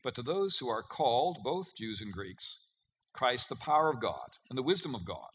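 A man preaching a sermon in a conversational, emphatic way, often pausing with fillers and pushing hard on key words. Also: mid-range voice, sing-song, a bit bright, a little hiss or hum.

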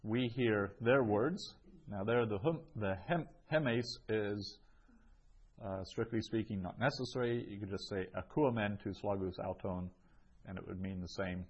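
Low-voiced male teacher, unhurried lesson delivery, muffled lo-fi sound. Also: a little mellow, breathy edge. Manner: reads each phrase twice, then translates, with frequent ums. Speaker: Greek teacher. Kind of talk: slow explanatory language lesson.

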